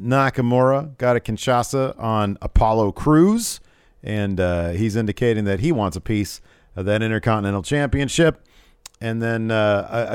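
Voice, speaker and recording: A man's voice: medium pitch, clear, resonant tone, no room sound, clean studio sound. A man co-hosting a live-streamed podcast, recapping wrestling in a rambling, casual way with lots of fillers. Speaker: podcast co-host.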